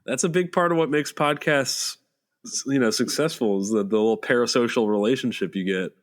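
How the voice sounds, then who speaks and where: A man's voice: mid-range voice, brisk. A young man co-hosting a comedy podcast with his father, explaining his points thoughtfully with a dry sense of humor. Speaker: podcast co-host, son of the host. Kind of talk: casual comedic podcast chat.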